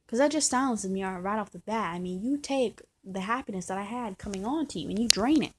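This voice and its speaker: Husky woman venting in a rambling rant. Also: mid-range voice, fast, hardly any pauses. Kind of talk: casual vlog rant.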